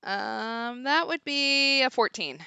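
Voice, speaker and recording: Woman player on a call, super clear and bright voice, dry sound, bit hesitant. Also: on the high side, takes it slowly, dry recording. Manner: short agreeing replies, hesitant questions. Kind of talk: tabletop game play over a call. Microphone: video call.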